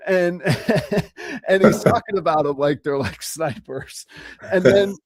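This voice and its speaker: A man co-hosting a podcast, telling stories in an animated, rambling way during casual chat. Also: high voice, takes it slowly, dry recording, clean studio sound. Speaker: podcast co-host.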